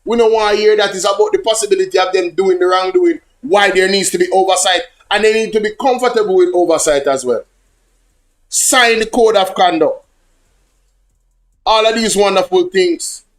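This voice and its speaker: A man's voice: high voice, moderate pace. A man with a Jamaican accent hosting a casual livestream, talking animatedly and slipping between English and patois as he addresses the chat. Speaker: livestream host.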